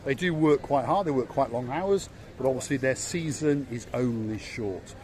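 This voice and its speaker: A man's voice: mid-range voice, normal speed, darkish tone. Chatty Yorkshire man vlogging outdoors. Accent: Yorkshire English. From England. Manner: chatty, repeats words for emphasis. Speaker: vlog host. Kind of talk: walking tour vlog. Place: seaside promenade outdoors. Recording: outdoor street noise.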